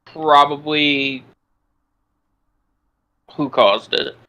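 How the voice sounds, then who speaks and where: A man chatting casually on a group call about voicing characters, laughing between stories. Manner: slow, lively pitch, laughs between stories. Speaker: voice actor and series creator.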